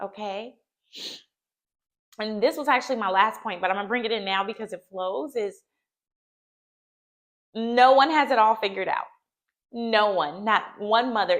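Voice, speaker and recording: A woman speaking as a therapist and mother, giving earnest, reassuring advice to camera and often checking in with "okay?". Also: a little high. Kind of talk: heartfelt talk to camera.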